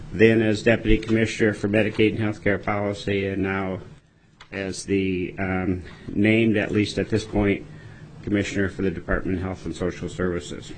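A man in his sixties with a low voice gives formal testimony at a committee hearing. He is from Michigan and speaks in a measured, self-deprecating way, often pausing on fillers. A faint ambient hum sits behind him. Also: low-quality recording.

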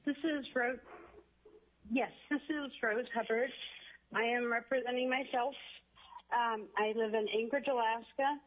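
A woman's voice: a little high, fairly even intonation, unhurried, long pauses. A woman introducing herself to give public testimony, hesitant with fillers, heard over a tinny phone line. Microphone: telephone.

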